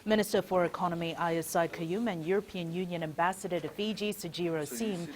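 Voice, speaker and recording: A woman news anchor reading scripted bulletins in a measured, formal way from a TV studio. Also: fairly low pitch.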